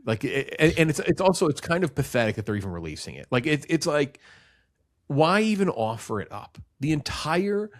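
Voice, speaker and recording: A man's voice: on the high side, sing-song, brisk. A man co-hosting a film podcast, rambling casually with restarts and blunt swearing. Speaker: podcast co-host.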